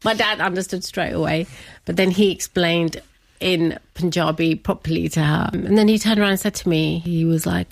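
A woman's voice: lowish voice, fairly even intonation, normal speed, vocal fry, dry recording. A middle-aged woman telling a personal story as an interview guest, chatty, laughing often and acting out what family members said.

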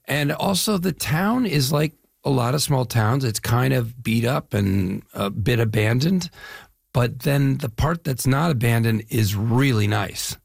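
An older man with a husky, gravelly voice talks eagerly through his stories in a casual interview. He rambles a little and restarts, always keen. The sound is dry and close. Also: medium pitch, measured pace, no echo. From Chicago area, USA. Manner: enthusiastic, rambling storyteller. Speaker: actor guest.

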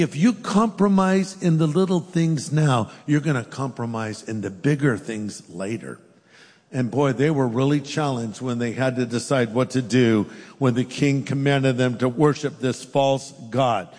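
A man's voice: medium pitch, moderate pace. Preacher man in a reverberant hall. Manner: animated storytelling, voices scripture characters. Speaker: pastor. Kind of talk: sermon.

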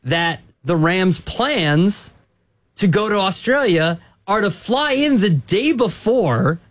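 A man's voice: high voice, sing-song, slow, fairly bright tone, no room sound. A man hosting a sports radio show, talking at length in a casual, hedging way. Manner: rambling, hedging with restarts.

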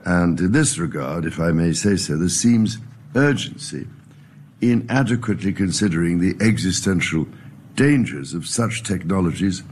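An older man with a British accent giving a formal, measured public speech, played as an archive clip. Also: low-pitched, darkish tone, slight background noise.

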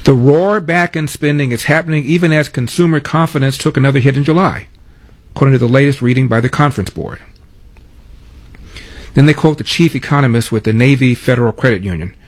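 A man's voice: mid-range voice, a little fast. A man hosting a talk radio show from a studio, delivering a monologue with wry, sardonic asides.

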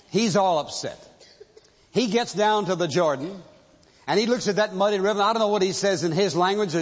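High-voiced preacher in a reverberant hall. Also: male voice. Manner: emphatic storytelling preacher, rhetorical questions. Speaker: pastor. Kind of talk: sermon. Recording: dull lo-fi recording, long hall reverb.

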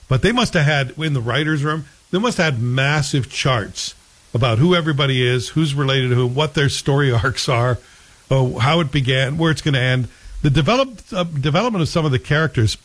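A man's voice: mid-range voice, low-quality recording. A man hosting a casual chat, talking in a rambling, opinionated way with frequent restarts.

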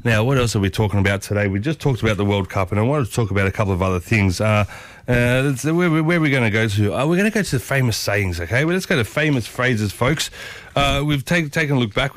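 A man's voice: mid-range voice, a bit bright, no echo. A man hosting a radio show, chatty and enthusiastic, often calling his listeners folks. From Italian heritage. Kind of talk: casual radio talk segment. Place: radio studio.

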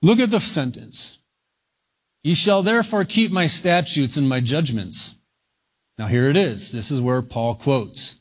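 A man preaching a verse-by-verse Bible sermon, slow and deliberate, leaning hard on single words. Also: medium pitch, expressive. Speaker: pastor.

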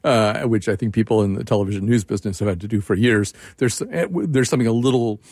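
An older man hosting a radio interview, talking in a conversational, animated way with frequent restarts. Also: on the low side, quick pace, no echo, studio quality. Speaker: radio show host.

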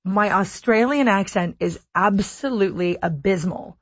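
Lively female radio host, dry sound. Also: medium pitch, moderate pace, slightly rough, dry recording. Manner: lively, conversational, lightly laughing. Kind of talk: casual radio chat. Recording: dry, dull radio audio with faint music.

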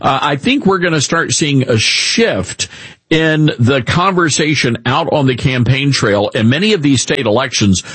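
A man hosting a radio talk show, joking with his co-host and giving announcements in a lively, playful way. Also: mid-range voice, moderate pace, slightly rough, dry recording. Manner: jokey, lively, self-deprecating. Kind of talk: casual radio banter.

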